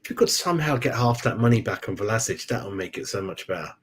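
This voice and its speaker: A man's voice: on the low side, expressive, quick pace, slight background noise. A man hosting a football fan channel, chatting on a live stream in a rambling, easygoing way, laughing often and calling his viewers mate. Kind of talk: casual live-stream chat.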